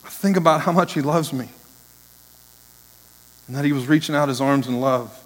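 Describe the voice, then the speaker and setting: A man preaching a sermon in an earnest, heartfelt way. His voice sits at an ordinary middle pitch, and a long reverb trails each phrase as though it fills a church hall. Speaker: interim pastor.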